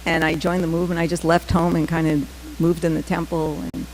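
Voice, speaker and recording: A middle-aged woman giving a temple class, telling personal stories with many "um" pauses and acted-out quotes. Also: sits low, level tone, a little mellow, a little hiss or hum, rough recording. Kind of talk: scripture class with personal storytelling.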